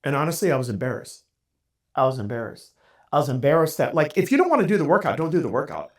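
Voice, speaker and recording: A man hosting a podcast, telling a candid, self-deprecating story in a casual, animated way. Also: a little high, fast talker. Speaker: podcast host.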